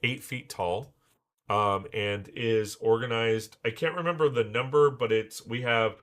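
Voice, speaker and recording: A man hosting a casual livestream while he builds, rambling with many fillers and restarts, his voice hoarse as he recovers from losing it. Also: mid-range voice, a little slow, fairly bright tone. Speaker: livestream host building Lego.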